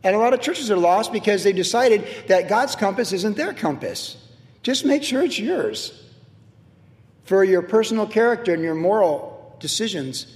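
A man's voice: sits high, a little mellow, long reverb tail. A middle-aged man preaching a sermon as pastor, emphatic and repetitive as he drives home his points.

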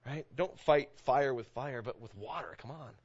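A pastor speaks to his congregation in a church sanctuary, preaching casually and conversationally and often tossing in "right?". His voice sits at medium pitch with a breathy edge, moving at a moderate pace, and the recording is lo-fi.

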